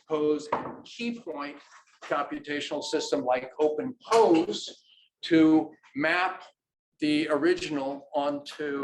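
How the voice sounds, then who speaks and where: A man's voice: fairly high pitch, slight background noise, poor audio. A man giving an informal conference talk, often checking in with "right?". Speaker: academic presenter. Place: conference room.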